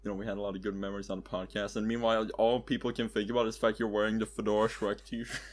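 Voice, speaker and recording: A man's voice: on the low side, level tone, rapid-fire. A man in casual banter as a podcast co-host. He teases his friend and swears freely, with an easy joking manner. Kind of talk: casual chat.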